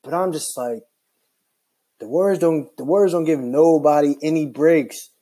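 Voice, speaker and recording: A young man vents in a loose, rambling way, full of restarts and filler words. His voice sits a little high but sounds mellow and warm. He comes across irritated and animated throughout. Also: moderate pace. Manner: animated, rambling, heavy use of "like". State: frustrated. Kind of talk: casual basketball rant.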